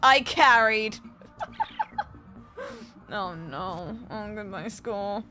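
A woman's voice: mid-range voice, expressive, drawn-out words, bright, forceful tone, rough recording. Woman, gameplay streamer, playful, giggly, foul-mouthed, game music behind. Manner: playful, giggly, swears often. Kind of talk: casual gameplay commentary.

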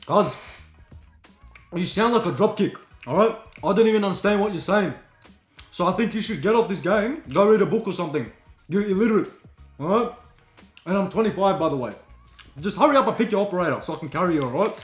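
A man playing a boastful, quick-to-yell male gamer in his mid-twenties with an Australian accent, in voice chat. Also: sits high, animated, echoey room, faint music behind. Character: hot-tempered 25-year-old male gamer.

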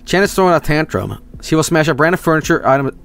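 A young man streaming a video game, swearing and reacting loudly to what happens on screen. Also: fairly high pitch, fast, vocal fry. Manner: excitable, swears a lot, yells at the game. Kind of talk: live game commentary.

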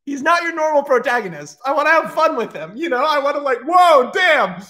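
Excitable, high-voiced man pitching a movie. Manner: excitable, profane, fast bursts with restarts. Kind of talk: casual livestream story pitch.

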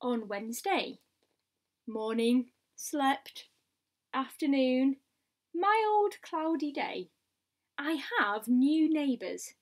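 A woman reads a picture book aloud in a slightly high voice. She takes her time over each short diary entry. She stops now and then for little asides to the listener. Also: big pitch swings. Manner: unhurried diary-style reading with asides to the listener. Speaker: storybook reader.

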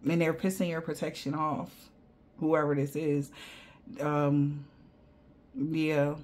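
Woman, tarot reader, lowish voice, blunt, profane, slangy, animated chatter. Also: slow pace. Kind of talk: casual spiritual tarot reading to viewers.

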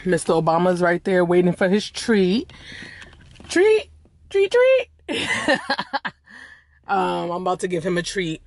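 A woman's voice: lowish voice, noisy background. A woman vlogging casually from her car into a phone, chatty and rambling, calling her viewers y'all. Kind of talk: casual vlog chat.

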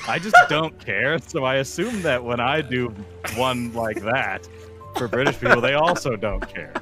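A man's voice: medium pitch, unhurried, sharp tone. A man in casual gaming-stream chat, telling rambling, giggly stories with small restarts. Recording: game music behind the voice.

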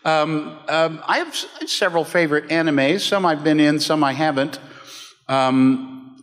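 A man's voice: on the high side, measured pace. A man on a convention panel introducing himself with jokey, self-deprecating asides and frequent chuckles. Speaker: voice actor panelist and moderator. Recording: echoey hall with crowd noise. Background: crowd chatter.

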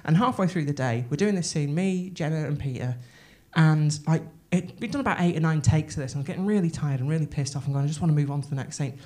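A woman doing stand-up, telling a story in an excitable, sweary, rambling way full of restarts, on a comedy club stage with a handheld mic. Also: low-pitched, quick pace, hardly any pauses.

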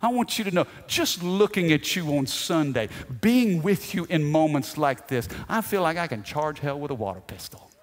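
Male pastor, sermon delivery, slightly high voice, big reverberant sanctuary sound. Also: normal speed, few pauses. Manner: animated storytelling, shouting out quoted lines. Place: church sanctuary. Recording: long hall reverb.

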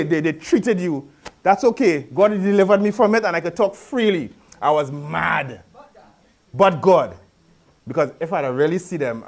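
A preacher delivers his sermon in a notably high voice for a man. He mixes rhetorical questions and repetition with joking, everyday asides. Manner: conversational and humorous asides in local speech.

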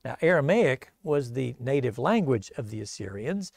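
A man's voice: mid-range voice, very animated, normal speed, creaky, no echo. A man preaching a sermon, retelling a bible story in a casual, conversational way. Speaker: pastor.

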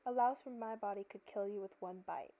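A woman's voice: mid-range voice, brisk, mellow, highs cut off, natural voice. Woman reading as a blustering giant ogre. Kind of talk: storybook narration.

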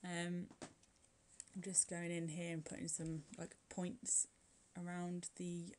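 A woman's voice: lowish voice, completely flat delivery, takes it slowly, darkish tone. A woman chatting casually through a nail art voice-over, rambling with frequent light laughs and filler words. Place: at home, curling her hair while recording.

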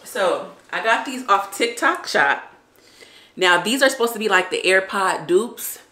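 A woman's voice: medium pitch, animated, a little slow, bright, forceful tone. A young woman vlogging to camera, emotional at first and then chatty and upbeat with her viewers. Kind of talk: emotional casual vlog talk to camera. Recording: echoey room.

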